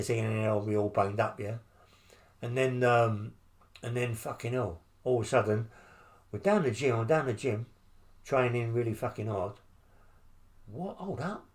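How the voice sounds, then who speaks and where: An older man with a London accent telling prison stories in an interview, blunt and rambling, full of swearing and tag questions. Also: mid-range voice. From England. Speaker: interviewee, former criminal. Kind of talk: storytelling interview.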